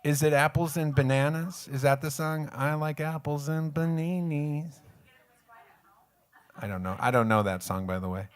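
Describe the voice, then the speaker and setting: A man's voice: medium pitch, a little fast, hardly any pauses. A singer-songwriter chatting casually with his audience between songs at a live music venue, joking, rambling and swearing offhandedly. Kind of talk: casual stage banter with the audience.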